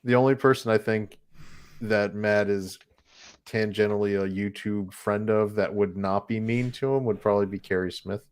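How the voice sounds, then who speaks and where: A man's voice: fairly low pitch, steady tone, normal speed, clear, resonant tone. A man co-hosting a podcast, teasing the others and laughing through casual chat. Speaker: podcast co-host.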